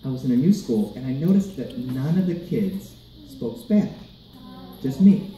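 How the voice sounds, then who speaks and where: Brief: animated male storyteller for kids, dark mellow voice, echoey room, faint noise. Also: medium pitch, moderate pace. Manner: animated, asks the audience questions. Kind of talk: live storytelling to children. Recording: roomy, distant mic, light background noise.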